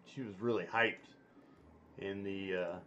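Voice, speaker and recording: Low-voiced man rambling on a stream. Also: steady tone, sharp tone, muffled recording. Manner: rambling, halting with many fillers. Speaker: stream host. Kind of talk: casual chat.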